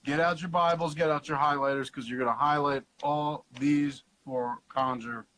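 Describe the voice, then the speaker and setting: A man hosting a casual Bible study over a video call, slowly sounding out Hebrew words and explaining them with the odd curse. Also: a little high, steady tone, a bit bright, slight background noise, low-quality recording. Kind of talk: casual teaching livestream.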